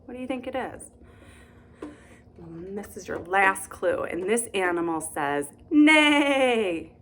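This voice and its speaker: A woman hosting storytime who reads a picture book aloud in a slow, sing-song way and keeps asking the little listeners questions. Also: lowish voice, animated, fairly bright tone, slight background noise. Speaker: storytime host for young children.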